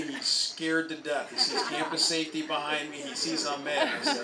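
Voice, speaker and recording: Male coach telling anecdotes at a memorial, somewhat high voice, faint ambience. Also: normal speed, hardly any pauses, bright, forceful tone, echoey room, distant mic, slight background noise, rough recording. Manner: anecdotal storytelling, with chuckles. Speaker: college soccer coach. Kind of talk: memorial speech. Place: outdoor stadium.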